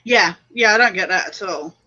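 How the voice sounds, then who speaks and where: A woman hosting a casual chat, animated and giggly. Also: mid-range voice, normal speed. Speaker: host. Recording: dull lo-fi audio.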